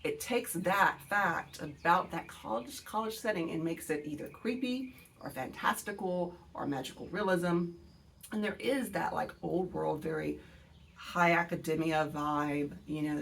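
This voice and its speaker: A woman's voice: deep voice, gravelly, a bit bright, recorded from a distance, a little hiss or hum. A woman in her forties with an Alabama accent, hosting a casual book video; she rambles, digresses and swears freely while talking straight to her viewers.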